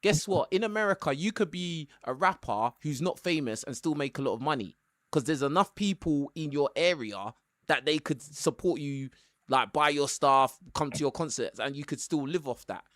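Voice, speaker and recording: A man's voice: fairly high pitch, normal speed. A man runs a live call-in show, chatting casually and hammering his points with "bro." The sound is dry and close to the mic, with no room echo. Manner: animated, emphatic, tags lines with "bro". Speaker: YouTube caller-show host.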